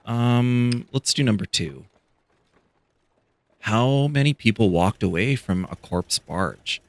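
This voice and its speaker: A man's voice: medium pitch, lively intonation, slow, dry recording. A man playing a story game, reading its text aloud and reacting casually as he thinks aloud. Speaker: gamer.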